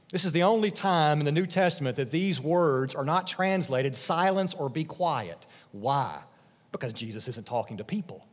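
A man preaching from the pulpit of a church sanctuary, his voice trailing off into a long hall echo. He shifts between hushed, low emphasis and brighter, rising questions. Mid-pitched and steady, he speaks as a pastor to his congregation. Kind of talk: sermon.

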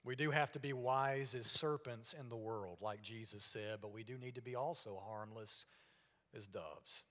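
A man preaching a sermon to his congregation, earnest and now and then dropping to a hushed voice for emphasis. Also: mid-range voice, moderate pace. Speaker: pastor. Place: church sanctuary. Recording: long reverb of a church hall.

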